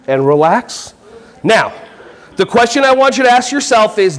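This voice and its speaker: High-voiced joking man presenter. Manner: playful, joking, quizzes the audience. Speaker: conference presenter. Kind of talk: energetic workshop talk to a live audience.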